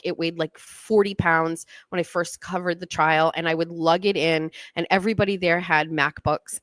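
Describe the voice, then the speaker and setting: A woman's voice: deep voice, fairly bright tone, dry recording. A woman hosting a talk show, chatting in a rambling, self-deprecating way. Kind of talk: casual monologue.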